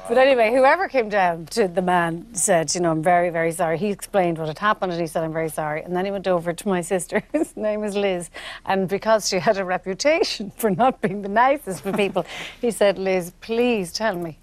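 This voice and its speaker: A woman's voice: mid-range voice, a little fast. A woman telling a comic anecdote, laughing often as she talks. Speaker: storyteller.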